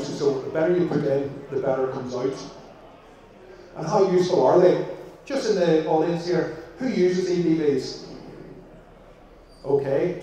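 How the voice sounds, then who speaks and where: A man's voice: on the high side, dark tone. A man with a Northern Irish accent, a vet giving a jokey presentation to an audience with frequent fillers. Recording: echoey room, distant mic.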